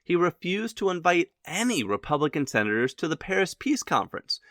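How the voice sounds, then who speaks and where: Lively male history narrator. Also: fairly high pitch, a little fast, no echo, clean studio sound. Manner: lively and wisecracking.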